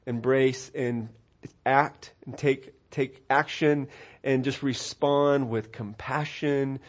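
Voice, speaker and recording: A man preaching a sermon, earnest and personal, rising to emphatic peaks and dropping soft, often repeating words as he restarts phrases. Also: mid-range voice, fairly even intonation, takes it slowly. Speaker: pastor.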